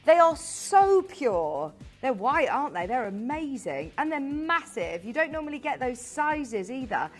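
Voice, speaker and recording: A young British woman presenting a live TV shopping show, gushing and chatty with quick asides. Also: high voice, sing-song, soft background music.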